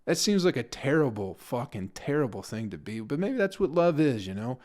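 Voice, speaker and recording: A man's voice: mid-range voice, very animated, normal speed, a little mellow. A young adult man, a comedian hosting his own podcast, rambling casually, swearing freely and laughing at his own stories.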